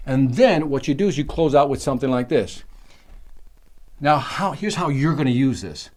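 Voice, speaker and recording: A middle-aged man teaching a sales seminar, excitable and emphatic, speaking straight to his listeners. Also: medium pitch, normal speed. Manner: animated, excitable, emphatic, talks to the listener directly. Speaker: sales trainer.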